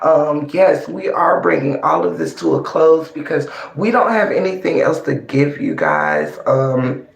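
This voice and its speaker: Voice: mid-range voice, big pitch swings, a little slow, creaky, few pauses. An online commentator in a mocking, profane, taunting rant, gloating at opponents. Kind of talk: ranting livestream commentary. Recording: roomy echo.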